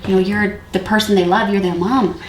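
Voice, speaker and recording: Calm reflective woman in an echoey room. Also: medium pitch, a little fast. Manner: calm, reflective, with many fillers. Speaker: youth worker. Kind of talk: conversational discussion on parenting. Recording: echoey room with faint noise.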